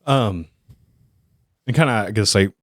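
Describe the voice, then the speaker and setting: Man, low voice, casual podcast talk, rambling, self-correcting, dry close mic. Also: animated, measured pace, no room sound.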